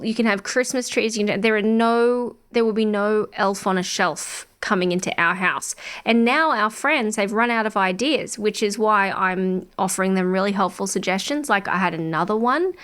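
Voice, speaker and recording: Animated, swearing woman storyteller. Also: fairly high pitch. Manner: animated storytelling, acts out quotes, laughs often, swears. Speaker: podcast co-host. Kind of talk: casual chat.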